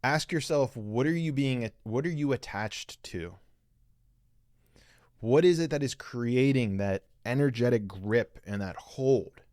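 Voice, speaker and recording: This man hosts a podcast and speaks in an unhurried, slightly mellow mid-range voice, captured dry and clean in a studio. Reading viewer comments during a live stream, he gives a sincere spiritual teaching, coaching his audience directly and repeating points often.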